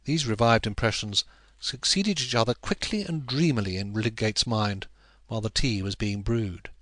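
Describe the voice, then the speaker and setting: Man, audiobook narration, low voice, dry close recording, measured. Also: fairly bright tone, no echo. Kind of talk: scripted narration of a classic novel.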